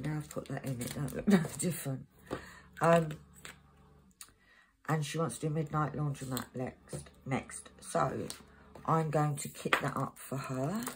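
A woman's voice: deep voice, background noise. A woman hosting a crafting channel, chatting in a rambling way and reading out codes as she works. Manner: rambling, chatty, reads out codes while working. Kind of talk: casual crafting chat. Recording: loud crinkling of packets behind.

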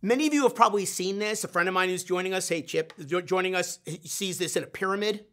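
A man with a bright, ringing voice gives a motivational sales training talk as host. He is animated and pokes fun at himself, acting out his own frustrated inner voice. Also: high-pitched, fast. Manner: animated, acts out his own inner voice, self-deprecating humor.

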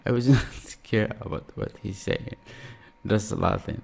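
A man talks in a slow, halting way, stumbling over his words and restarting often. His voice is heavily gravelly and husky. The recording is dull and lo-fi. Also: fairly low pitch, a little mellow. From Algeria. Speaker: reaction video host. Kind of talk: casual reaction vlog.

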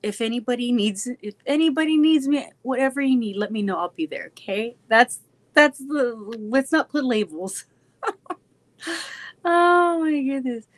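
Bubbly woman live streamer, somewhat high-pitched, effusive, drifts into a childlike voice. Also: lively intonation, a little slow. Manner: bubbly, effusive, often slips into a little kid voice. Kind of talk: casual live stream chat with viewers. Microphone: phone.

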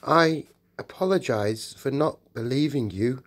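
A man's voice: mid-range voice, lively intonation, a little slow, pitched above the performer's own voice, natural voice. A man putting on a bluff schoolboy, Peter. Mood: apologetic. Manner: bluff, exclaiming, raised voice. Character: eldest schoolboy, blunt and decent. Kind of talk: audiobook reading.

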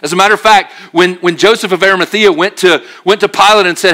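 Male pastor, sermon delivery, bright and slightly high voice, animated storyteller. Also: fast, hardly any pauses. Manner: drops to a quiet, earnest tone for serious points. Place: church.

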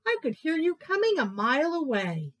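A woman's voice: high voice, huge pitch swings, normal speed, fairly bright tone, no echo, pitched above the performer's own voice, exaggerated voice. A woman voicing a bored, unimpressed boar in a storybook, speaking in a yawning, dismissive way.

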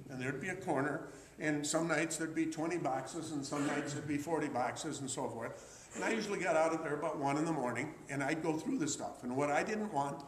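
An older man in his sixties tells chatty, rambling stories to a live audience. His voice sits a little on the high side for a man. The talk is picked up in a roomy, echoing hall with a faint hiss underneath. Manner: chatty, rambling storyteller with frequent restarts and uh's. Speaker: memorabilia collector giving a talk. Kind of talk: anecdotal storytelling talk to an audience.

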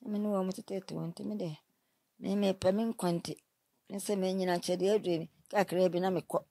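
Woman, nineties, from Ghana, gravelly, storytelling interview, dry close sound. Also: medium pitch, fairly quick, no room sound. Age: 90s. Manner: animated, advising, acts out quoted speech.

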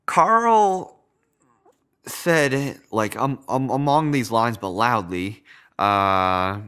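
A young man narrating a personal story in a loose, rambling way, full of filler words. His voice sits fairly low and sounds smooth and clear. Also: slow, a bit bright.

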